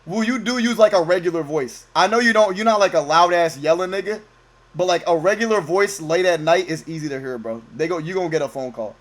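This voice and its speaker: A man's voice: high-pitched, a little fast. A young man streaming from home, reacting to a video with casual, profane, joking slang and talking over it. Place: home at night, keeping voice down.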